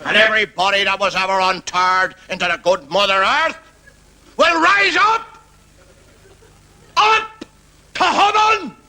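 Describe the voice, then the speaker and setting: A man impersonating a fiery male preacher, bellowing a slow, drawn-out sermon about hellfire. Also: sits high, lively intonation, pushed and bright, pitched above the performer's own voice, full character voice. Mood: thundering.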